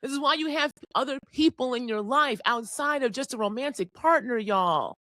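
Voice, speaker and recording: A woman's voice: high-pitched, moderate pace, a bit bright, no room sound. Fiery, profane woman astrologer. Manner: fiery, preachy, profane, near tears. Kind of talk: impassioned forecast monologue.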